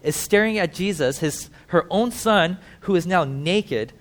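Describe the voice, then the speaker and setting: A man preaching a sermon who tells the story vividly, swings between emphatic and hushed, and talks directly to his listeners. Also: sits high, expressive, a little slow. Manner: conversational asides to listeners.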